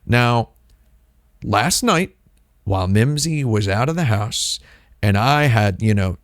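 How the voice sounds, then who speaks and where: A man hosting a live stream, talking in a rambling, deadpan comedic monologue and playing with made-up words. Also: no echo, studio quality. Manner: deadpan, playful with invented words, lively pitch swings. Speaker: streamer host.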